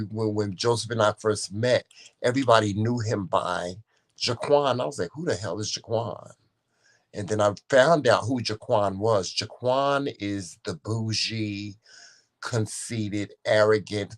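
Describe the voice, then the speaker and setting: A man co-hosting a casual couple's chat show, telling his side with expressive, theatrical storytelling. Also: lowish voice, a little slow. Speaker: co-host.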